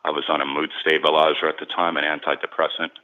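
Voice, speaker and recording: Very deep-voiced man telling his story. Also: little pitch movement, fast talker, narrow, tinny audio. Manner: earnest, candid, repeats words when emotional. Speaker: sports and celebrity agent, guest. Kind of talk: personal storytelling in an interview.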